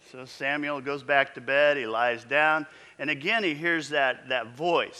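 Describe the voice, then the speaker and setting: A man's voice: medium pitch, a little slow, pushed and bright. A pastor in his fifties telling a story in a conversational, reflective sermon. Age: 50s. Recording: long echoing reverb.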